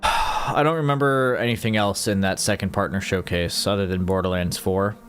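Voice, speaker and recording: A man's voice: sits low, steady tone, moderate pace, fairly bright tone, faint music behind. A man streaming casually, rambling and joking about games and mocking himself. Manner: rambling, jokey, self-mocking. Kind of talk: casual livestream chat.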